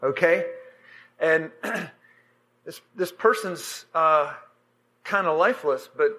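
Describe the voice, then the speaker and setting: Bright high-voiced man preaching. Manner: halting and emotional, many fillers and restarts. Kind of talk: sermon storytelling.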